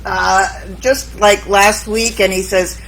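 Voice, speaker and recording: A woman's voice: medium pitch, steady tone, slow pace, gravelly, a bit bright, rough recording. Woman playing Frankie, brassy advice columnist.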